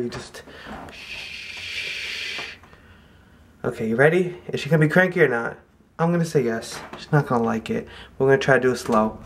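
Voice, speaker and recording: A woman's voice: rumbling low, reverberant, background noise. A young woman vlogging at home with a handheld camera, chatty. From New Jersey, New York area. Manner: chatty, cooing baby talk to a child. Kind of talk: casual home vlog. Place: home, indoors.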